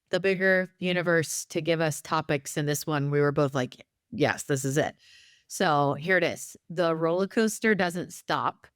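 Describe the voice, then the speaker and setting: Smooth, deep-voiced female podcast host. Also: dry recording, clean studio sound. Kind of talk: casual conversational podcast chat.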